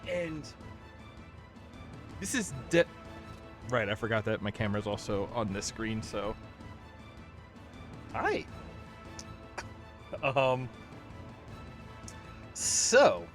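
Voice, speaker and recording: A man's voice: lowish voice, lively intonation, slow, long pauses. Chatty male streamer over music. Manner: rambling, chatty, self-interrupting. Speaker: livestream host. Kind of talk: casual livestream chat. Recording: game and music audio playing behind.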